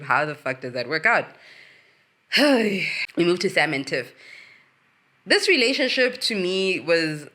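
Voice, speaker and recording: On her own show, a deep-voiced woman gives a loose, lively recap of a reality series. She swears freely and rants, her voice swinging widely.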